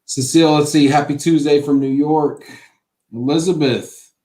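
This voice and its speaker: A man's voice: a little high, fairly even intonation, moderate pace, warm tone, echoey room. A man hosting a live stream, joking and reading viewer comments aloud. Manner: jokey, upbeat, reads viewer comments aloud. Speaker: show host. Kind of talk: casual live-stream chat.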